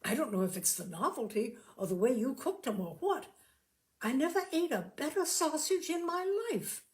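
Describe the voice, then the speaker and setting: A woman voicing a rough-spoken working man, a grieving husband who talks plainly and with feeling in a storybook reading. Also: sits high, expressive, moderate pace, darkish tone, voice pushed up. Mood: contented. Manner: plain-spoken, emotional, colloquial.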